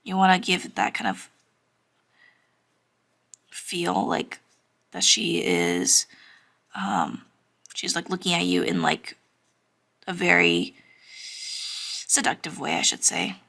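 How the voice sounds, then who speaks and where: A woman's voice: lowish voice, big pitch swings, slow, creaky, long pauses, pushed and bright. A young woman teaching anime drawing in a casual, chatty way, with lots of fillers and some self-conscious giggling. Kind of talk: casual drawing tutorial narration.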